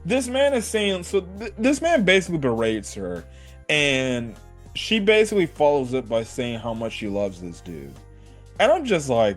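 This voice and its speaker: Ein junger Mann plaudert locker über eine Anime-Folge. Er flucht viel, lacht zwischendurch und spielt Zitate nach, mit mittlerer Stimmlage und leiser Musik im Hintergrund. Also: male voice, mid-range voice, very animated, normal speed, faint music behind. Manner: loose and profane, with frequent laughs and acted-out quotes. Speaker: anime reviewer. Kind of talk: casual chat.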